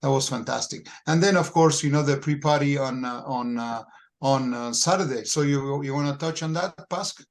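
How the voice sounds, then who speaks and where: A man co-hosting a podcast in casual chat, halting and full of fillers as he talks. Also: mid-range voice. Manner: halting, many fillers and restarts. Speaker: podcast co-host.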